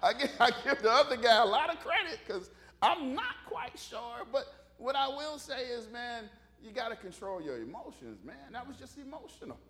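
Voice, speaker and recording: A man's voice: extremely high pitch, big pitch swings, normal speed, fairly bright tone. A middle-aged male pastor, preaching a folksy sermon full of stories and calls for amens. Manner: folksy storytelling with call-and-response.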